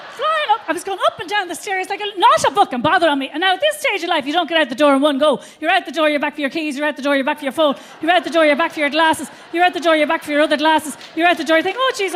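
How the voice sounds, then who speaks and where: A middle-aged Irish woman performing a stand-up comedy routine on stage, an animated storyteller who swears freely. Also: very high-pitched, slight background noise. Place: theatre stage before a live audience.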